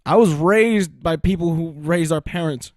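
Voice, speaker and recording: A man's voice: on the high side, normal speed, no echo. A man in his twenties co-hosting a podcast with dry, self-mocking humor. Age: 20s. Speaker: podcast co-host. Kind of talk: casual chat.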